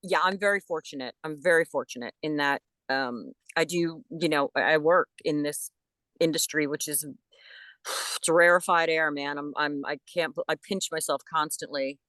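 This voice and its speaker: A woman who is a voice actress, chatting as a guest in an interview with enthusiastic, animated talk and frequent restarts. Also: low-pitched, normal speed, no room sound. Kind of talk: casual interview chat.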